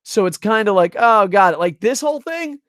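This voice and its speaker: A young man rambles through a wrestling review on a live stream, swearing freely and answering chat as he goes. His voice sits a little high. He is close on a desk microphone in a dry room. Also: expressive, normal speed, fairly bright tone, clean tone, no echo. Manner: rambling, profane, reads chat aloud. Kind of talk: casual live-stream commentary.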